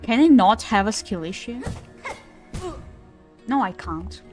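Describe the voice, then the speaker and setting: A woman's voice: mid-range voice, animated, slow. Playful streamer woman with Ukrainian-tinged English. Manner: playful, self-mocking, chatty. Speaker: VTuber game streamer. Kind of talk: casual gameplay commentary. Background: game music.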